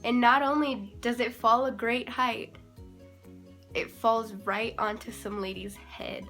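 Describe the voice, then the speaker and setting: A young woman vlogger telling an embarrassing story in a rambling, animated, self-mocking way. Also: fairly high pitch, slow pace, faint music behind. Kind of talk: casual storytime.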